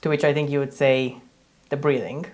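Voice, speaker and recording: Low-pitched woman host, probing, builds hypotheticals for her guest. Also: level tone, moderate pace, a little mellow. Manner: probing, sets up hypothetical scenarios. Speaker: podcast host. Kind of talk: casual interview chat.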